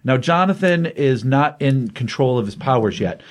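A man hosting a comics podcast and retelling a comic book story in a loose, conversational way, dipping in and out of quoted lines. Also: mid-range voice. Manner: animated storytelling with quick voiced quotes.

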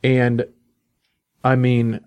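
Male podcast host, mid-range voice, enthusiastic, animated storyteller, casual chat. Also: medium pitch, very slow, smooth.

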